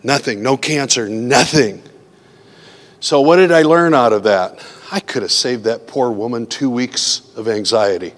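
This preacher talks at a normal speed with hardly any pauses, his middle-pitched voice ringing with long hall reverb. His sermon is sincere and conversational, full of stories from his life, and he performs his own anxious inner monologue in quotes.

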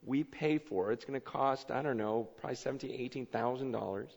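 A man preaching a sermon, telling stories in an excitable way with many fillers and restarts. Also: medium pitch, fairly quick, vocal fry. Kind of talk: sermon storytelling. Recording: echoey hall, dull lo-fi sound.

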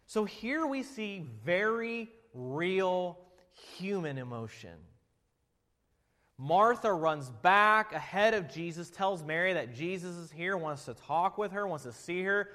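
A man preaching a sermon as pastor, shifting between loud emphatic passages and quiet storytelling. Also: high-pitched, animated, slow. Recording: long hall reverb.

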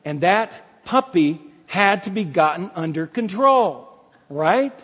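Middle-aged pastor guy preaching, husky and a bit high, repeats himself for emphasis, echoey church, muffled lo-fi sound. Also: expressive, measured pace. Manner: emphatic, repeats key phrases, conversational asides to the congregation. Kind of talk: sermon. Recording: dull lo-fi sound with long hall reverb.

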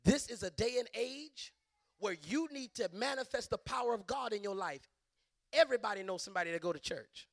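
A middle-aged man preaches as a bishop in a high, gravelly voice. His sound is dry and close, with no room around it. He builds into loud, fervent peaks and stumbles through repeated restarts. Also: expressive, a little fast, no echo. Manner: impassioned, surging to loud emphatic peaks; stammering restarts and repeated words. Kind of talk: sermon.

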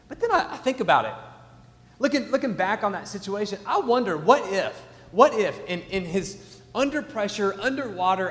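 A man in his thirties preaching a sermon as a pastor, telling stories with big swings from loud to hushed. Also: sits high. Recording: echoey hall.

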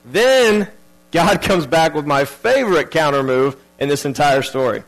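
A man's voice: fairly high pitch, lively intonation, measured pace, low-quality recording. A man preaching a sermon earnestly, repeating key phrases and restarting his sentences.

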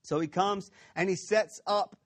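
A man preaching a sermon, retelling a story with lively acted-out quotes and frequent check-ins like "okay?". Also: high voice, measured pace. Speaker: pastor.

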